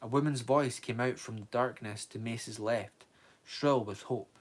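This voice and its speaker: A man reading a novel aloud on a live stream, steady, with small slips he corrects. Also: mid-range voice, measured pace.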